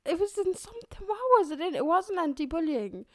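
A woman's voice: very high-pitched, sing-song, fairly quick, darkish tone. A young woman chatting casually as co-host, giggling often. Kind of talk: casual chat.

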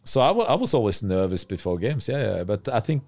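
Podcast guest, male ex-footballer, low-pitched, halting and searching for words. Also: very animated, darkish tone. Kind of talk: relaxed podcast interview.

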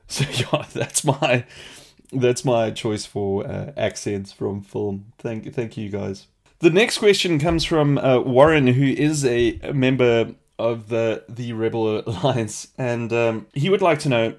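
A man hosting a casual question-and-answer podcast, chatty and animated, laughing often. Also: medium pitch, unhurried. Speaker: podcast host.

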